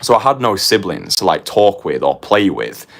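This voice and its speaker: Deep-voiced young man coaching with punch. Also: sing-song, normal speed, a bit bright. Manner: punchy, confessional, tags lines with "right?" and "yeah?", swears casually. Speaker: dating coach. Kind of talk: motivational course lecture.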